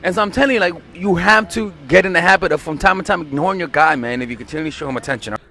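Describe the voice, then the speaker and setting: A man's voice: fairly high pitch, rapid-fire, pushed and bright, slight background noise. Profane, emphatic young male dating coach. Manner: profane, emphatic, acts out quotes. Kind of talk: blunt dating advice monologue.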